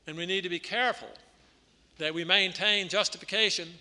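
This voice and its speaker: A man preaching a sermon in a deliberate, emphatic teaching manner, often clearing his throat and restarting phrases. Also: high voice, steady tone, bright, forceful tone. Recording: long reverb of a large hall.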